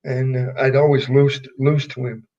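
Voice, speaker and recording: A retired wrestler, an older Englishman with a Yorkshire accent, is a guest in a casual interview, telling rambling stories packed with fillers and restarts. His voice is medium-pitched, mellow and flat in delivery, and the recording sounds muffled.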